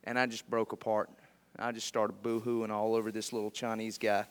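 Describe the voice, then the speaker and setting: A pastor preaching a sermon to his church, telling folksy stories and swelling loud on key words. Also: lowish voice, level tone, moderate pace, clean tone, big-room sound. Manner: folksy storytelling. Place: church sanctuary.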